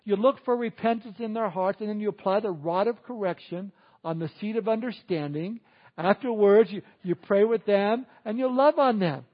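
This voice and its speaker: A man preaching a sermon as a pastor, animated, acting out quoted people in exaggerated voices. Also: sits high, moderate pace, lo-fi sound.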